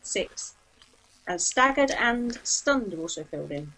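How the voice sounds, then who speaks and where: A woman sits in on a tabletop game, asking questions about the rules and laughing easily. She talks in a casual, chatty way at a middling pitch. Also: lively intonation, a little slow, fairly bright tone, poor audio. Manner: laughs often, asks questions. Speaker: player.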